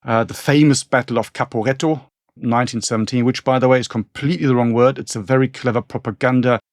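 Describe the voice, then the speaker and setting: A man's voice: medium pitch, steady tone, fast, no room sound, clean studio sound. A man, a podcast co-host chatting casually about history in a rambling way with frequent restarts. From northern Germany. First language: German. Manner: rambling, many restarts and asides.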